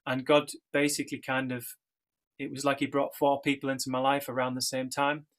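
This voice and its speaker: A man's voice: mid-range voice, monotone, brisk, a bit bright. A middle-aged man, sharing his life story casually, rambling with many fillers and restarts. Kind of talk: casual personal testimony.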